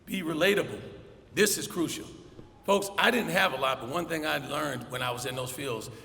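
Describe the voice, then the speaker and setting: A middle-aged man giving a motivational commencement speech, telling stories and acting out the dialogue with lively energy. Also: on the high side, gravelly, a little hiss or hum. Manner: storytelling with energetic acted-out dialogue. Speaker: commencement speaker. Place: large hall. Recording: echoey hall, faint ambience.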